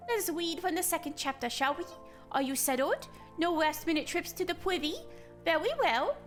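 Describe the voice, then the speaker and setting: A woman's voice: sits high, fairly bright tone. A woman voicing a pompous third-eldest male mage brother who teaches with grandiose flair.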